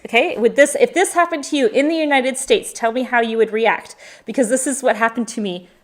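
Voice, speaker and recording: A mother chatting on a live stream, telling stories with lively acted-out quotes. Her voice sits a little higher than most women's. She is in her forties and keeps the talk casual. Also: brisk. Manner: animated storyteller, acts out quotes. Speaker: travel vlogger, mother.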